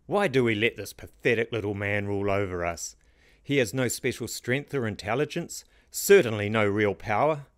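A man's voice: fairly low pitch, normal speed, no room sound, studio quality, natural voice. A man voicing a tall, contemptuous male general who speaks firmly. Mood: scornful. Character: tall scornful male general, secretly powerful.

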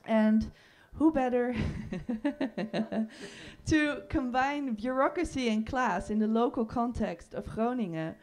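Mellow-voiced woman moderating a panel. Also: a little high, slow pace. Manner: hesitant, many fillers. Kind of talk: panel introduction. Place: room with audience.

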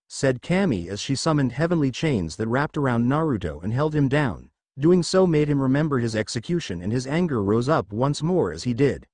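A man's voice: mid-range voice, sing-song, normal speed, hardly any pauses, a little mellow, no room sound. A man reading a fan fiction story aloud as narrator.

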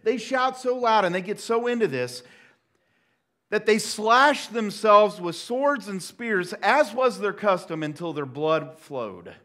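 A male pastor delivers a sermon in a church, his voice sitting a little high. He tells the story with animated energy, shouting out the quoted lines and then dropping to a quiet, hushed tone for asides. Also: takes it slowly. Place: church sanctuary.

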